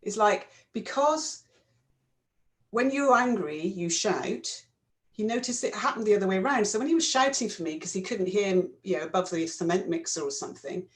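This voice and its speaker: A woman's voice: mid-range voice, animated, normal speed. Reflective woman explaining in a therapy chat. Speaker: co-host, therapist.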